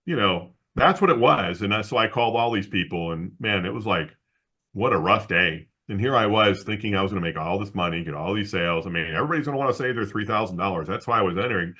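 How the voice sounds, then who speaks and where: A guest being interviewed, an insurance agency owner, tells a story in a low, forceful, husky voice at a fast clip. An animated storyteller, he acts out the voices of the people he quotes, laughs often, and restarts sentences as he goes.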